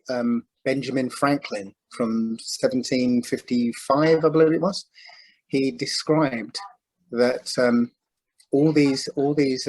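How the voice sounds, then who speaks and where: A man in a religious panel discussion, talking in a halting way, full of ums and restarts. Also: mid-range voice, a little mellow, low-quality recording. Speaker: panel speaker.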